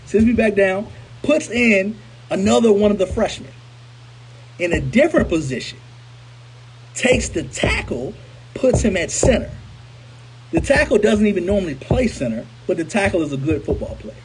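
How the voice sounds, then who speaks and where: High-voiced man telling a story. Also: slightly rough, rough recording. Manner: animated, repetitive, conversational. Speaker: motivational speaker. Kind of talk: storytelling to camera.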